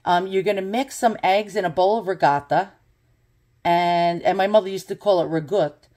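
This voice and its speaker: A woman's voice: medium pitch, steady tone, moderate pace, a little mellow. A woman with a New York accent giving a casual, blunt product review with lots of ums and uhs. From Brooklyn, New York. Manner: chatty, blunt, many fillers.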